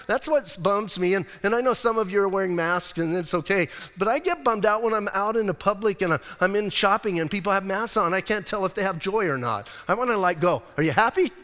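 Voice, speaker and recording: A man's voice: high voice, lively intonation, a little fast, hardly any pauses, pushed and bright, big-room sound. A middle-aged man preaching a sermon as pastor, telling stories in a conversational way with self-deprecating humor.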